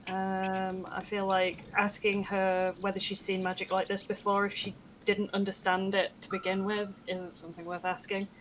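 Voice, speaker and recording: Quiet woman playing a tabletop game, flat voice, a little hiss behind. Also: mid-range voice, normal speed, hardly any pauses, poor audio. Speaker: player.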